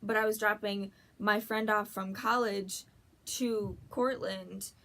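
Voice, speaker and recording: A young adult woman chats to camera for her vlog, spinning a long story with "like" in nearly every breath. Her delivery is loose, run-on and breathless at times, a casual storytelling voice at a middle pitch. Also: steady tone, slow pace, pushed and bright. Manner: rambling, filler-heavy, breathless retelling with many "like"s. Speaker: vlogger.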